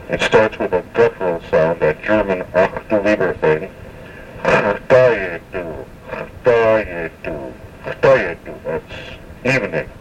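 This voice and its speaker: Slow, low-voiced man teaching vocabulary. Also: far from the mic, slight background noise, rough recording. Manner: slow, careful, repeats words for pronunciation, many hesitations. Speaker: language teacher. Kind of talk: spoken language lesson.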